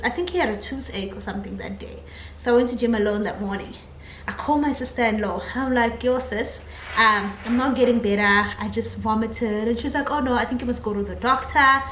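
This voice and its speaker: A young woman vlogger telling a personal story in a chatty, animated way, often laughing as she talks. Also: on the high side. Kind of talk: casual storytelling vlog. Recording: echoey room, faint ambient noise.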